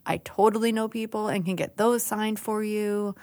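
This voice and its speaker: A woman's voice: medium pitch, steady tone, normal speed, darkish tone, dry recording. A woman co-hosting a casual podcast, wry and self-deprecating. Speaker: podcast co-host. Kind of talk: casual chat.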